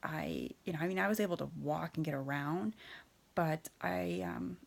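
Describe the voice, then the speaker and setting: A woman's voice: sits low, big pitch swings, moderate pace, creaky. A woman in her thirties telling her own story in a candid, hesitant way, with many fillers and restarts. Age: 30s. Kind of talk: personal storytelling.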